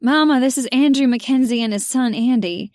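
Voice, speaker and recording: A woman's voice: high voice, a little fast, a little mellow, no room sound, voice pushed up, lightly acted. Woman reading a gracious young Southern heroine, lifted and courteous, close dry audiobook read. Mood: polite. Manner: politely making introductions. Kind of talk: audiobook character voice.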